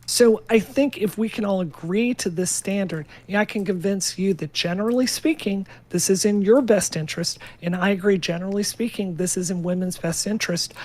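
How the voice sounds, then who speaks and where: A woman's voice: medium pitch, fairly quick, hardly any pauses, darkish tone. Woman giving short firm debate answers. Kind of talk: online debate.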